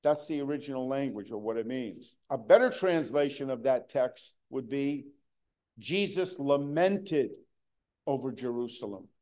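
A man preaching a sermon, earnest, moving between hushed and emphatic delivery. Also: medium pitch, normal speed, hardly any pauses, dull audio.

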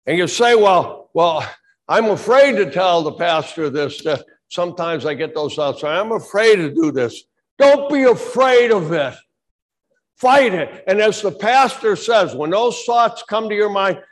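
A middle-aged male pastor preaching a sermon with fervor, dropping low and then shouting. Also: animated, a little slow, long pauses. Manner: fervent preaching that swings from quiet to shouting.

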